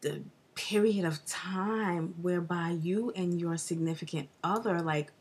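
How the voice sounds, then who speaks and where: A woman talking excitedly in a casual astrology vlog, rambling with restarts and dropping into breathy whispered asides. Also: on the low side, unhurried. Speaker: astrology vlogger.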